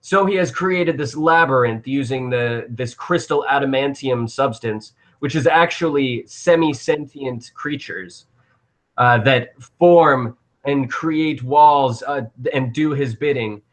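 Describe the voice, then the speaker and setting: A man voicing an old male guardian who tells an ancient tale slowly and grandly. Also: mid-range voice, natural voice. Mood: lofty.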